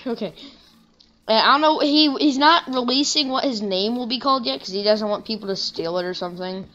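A young woman giving rambling, casual commentary while playing a video game, breaking into excited shouts now and then. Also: mid-range voice, lo-fi sound. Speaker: gaming channel host.

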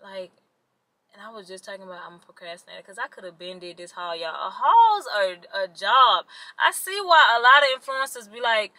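A woman's voice: on the high side, big pitch swings, moderate pace, pushed and bright, dry recording, poor audio. A young woman, chatting casually to the camera in a vlog and complaining to her viewers. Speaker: vlogger.

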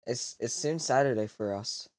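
A man's voice: mid-range voice, normal speed, crowd noise. A man hosting an online drawing-game session with friends, talking in a dry, hesitant, teasing way over voice chat. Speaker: host. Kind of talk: casual chat while playing a drawing game.

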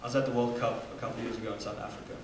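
A man's voice: medium pitch, flat delivery, very fast, noisy background. Young man, echoey hall, far off. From Namibia. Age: 20s. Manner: earnest storytelling with fillers and restarts. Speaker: student speaker. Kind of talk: personal story talk.

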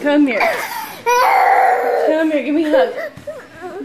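High-pitched mom in sing-song baby talk. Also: female voice, very animated, a little slow, pauses often. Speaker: mother filming her toddler. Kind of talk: home video chat. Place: backyard by a pool, outdoors. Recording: noisy outdoor home video.

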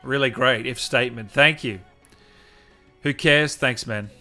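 A man's voice: medium pitch, a little slow, bright, forceful tone, faint music behind. A man hosting a livestream, upbeat and chatty, thanking viewers by name. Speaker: host. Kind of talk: livestream chat.

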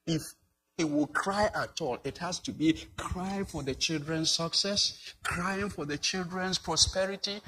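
A man's voice: high-pitched, fairly bright tone, breathy edge, low-quality recording. A male pastor preaching a sermon, building to emphatic swells and asking the congregation rhetorical questions.

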